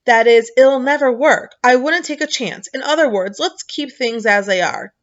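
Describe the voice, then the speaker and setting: A woman voicing a huge, fearful male jelly giant who talks loudly and can never make a firm statement, in a dull lo-fi recording. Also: high-pitched, moderate pace, voice pushed up, natural voice. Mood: fretful. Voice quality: loud, wavering, indecisive.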